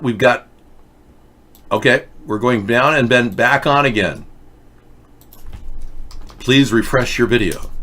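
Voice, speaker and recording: A man's voice: medium pitch, a bit bright. A man hosting a livestream show, rambling in a joking, conspiratorial way and slipping into mock announcements. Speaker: show host.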